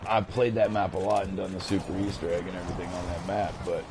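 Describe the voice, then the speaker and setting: A man streaming a game with casual, rambling commentary. His voice sits very low, with a gravelly fry, and he keeps up a chatty flow. A faint noise runs beneath him. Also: level tone, quick pace.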